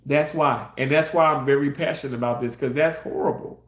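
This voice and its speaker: A man's voice: mid-range voice, steady tone, a little fast, roomy sound. A man ranting on his live stream in a passionate, heated way, cursing and repeating himself. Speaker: live-stream content creator. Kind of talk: casual live-stream rant.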